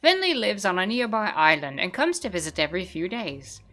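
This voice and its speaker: A woman's voice: mid-range voice, sing-song, brisk, sharp tone. A woman voicing Martin, a jumpy cranky king. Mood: nervous. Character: cranky sleepless self-declared island king, male.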